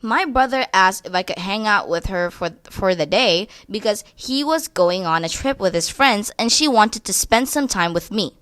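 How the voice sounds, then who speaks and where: A woman's voice: mid-range voice, lively intonation, normal speed, few pauses, fairly bright tone, smooth, no echo. A young woman reading online posts aloud and breaking in with blunt, crude, sassy commentary. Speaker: commentary creator.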